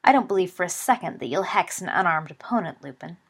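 A woman's voice: fairly low pitch, expressive, fast talker, vocal fry, husky, full character voice. Woman reader doing a smug teen boy, mocking, storybook. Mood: sneering. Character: cold, sneering teenage boy wizard.

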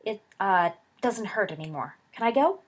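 A woman voicing a brash, hot-tempered teenage schoolboy wizard, heated and hissing, in a husky voice. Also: medium pitch, lively intonation, moderate pace.

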